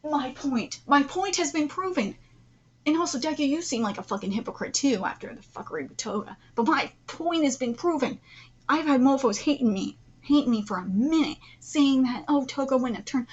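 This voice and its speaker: A woman streamer reacting live to a manga chapter with loud, profane, indignant ranting. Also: high voice, expressive, normal speed. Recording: dull lo-fi stream audio.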